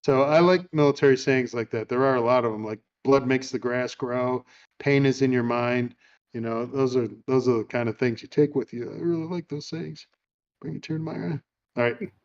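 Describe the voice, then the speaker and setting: A man's voice: medium pitch, normal speed, dull audio. A man hosting a podcast, telling amused stories in a casual chat and retelling a film. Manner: chatty, amused storyteller. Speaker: podcast host.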